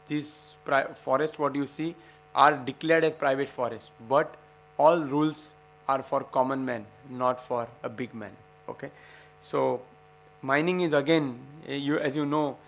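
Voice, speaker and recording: Male lecturer, urgent and passionate, gravelly tone, faint hum under it. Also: on the high side, a bit bright. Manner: earnest, passionate, urging. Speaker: guest lecturer. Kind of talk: public science talk to students.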